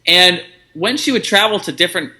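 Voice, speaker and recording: A middle-aged man chatting as an interview guest, relaxed and talkative, acting out bits of dialogue as he tells a story. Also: high-pitched, a little fast.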